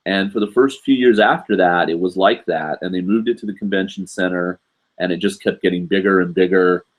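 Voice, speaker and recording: A man in his forties from the United States hosts a live online show and talks casually with viewers. His voice sits low. He rambles from one aside to the next, with plenty of ums and uhs. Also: brisk. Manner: rambling, lots of fillers and asides. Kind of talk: casual live stream chat.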